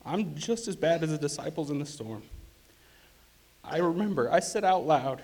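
A man shares his personal testimony in church, earnest and a little halting as he restarts his sentences. His voice sits somewhat high for a man. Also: lively intonation, darkish tone. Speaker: church member giving testimony.

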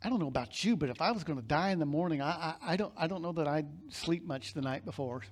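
A male pastor delivering a sermon in an emphatic, storytelling way. His voice sits high for a man, and he pushes his key lines to loud peaks. He retells scenes vividly and drives his points home. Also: lively intonation, quick pace.

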